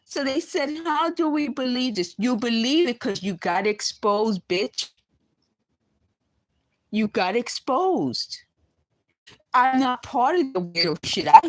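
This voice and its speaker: A hoarse woman talking to her camera from her bedroom after just waking up, rambling and agitated with many restarts. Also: on the high side, dry recording, low-quality recording. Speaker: vlogger. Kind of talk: rambling late-night vlog monologue. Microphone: recording herself on camera.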